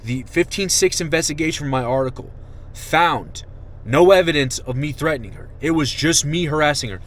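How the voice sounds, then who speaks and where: A young army veteran vents in an angry, profane monologue, swinging between shouting and muttering. His voice sits a little high and his pace is brisk.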